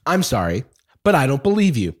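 Man voicing a stubborn chatbot, husky, very lively pitch, politely insistent. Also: fairly quick. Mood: assertive. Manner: polite phrasing with mounting insistence, read aloud. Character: stubborn, passive-aggressive male chatbot. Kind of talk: dramatic reading of a chat log.

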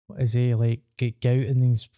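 A man's voice: medium pitch, level tone, normal speed, mellow, clear, resonant tone, dry recording, clean studio sound. A young Glaswegian man in casual, sweary podcast banter. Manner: sweary, laid-back banter. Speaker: podcast co-host. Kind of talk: casual chat.

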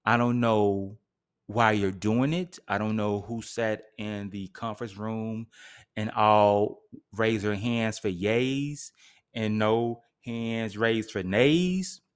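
A man's voice: fairly low pitch, slow pace, clean tone. A man hosting a podcast, ranting theatrically with sarcastic asides. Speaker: podcast host. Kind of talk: solo podcast rant.

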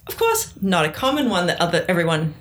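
A woman's voice: on the low side, quick pace. Woman telling a story animatedly. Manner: animated, acts out quoted dialogue. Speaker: guest sharing her story. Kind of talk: casual conversational storytelling.

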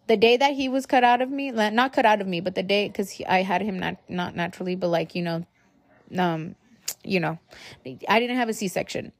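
A woman's voice: medium pitch, fairly quick, no echo. A young adult woman hosting her own podcast, talking loosely and profanely and calling her listeners guys. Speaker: podcast host. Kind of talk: casual solo podcast monologue.

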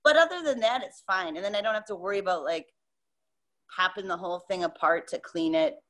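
A woman musician appearing as a guest in a casual podcast interview, with a mid-range voice. She talks in a loose, animated way, swearing freely as she tells her stories. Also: mid-range voice, fairly quick. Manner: loose, profane, animated storytelling.

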